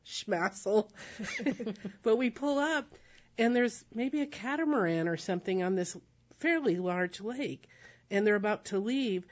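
Laughing American woman telling a story. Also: medium pitch. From United States. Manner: animated, laughs while telling. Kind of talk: casual storytelling. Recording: dull lo-fi recording.

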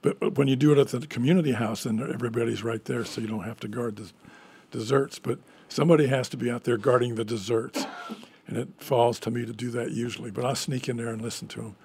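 A man's voice: medium pitch, fairly even intonation, fast talker, vocal fry, a little mellow, a little hiss or hum. A man with a frog in his throat, chatting casually as a guest on a radio interview, rambling with wry, self-deprecating humor. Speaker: event organizer guest.

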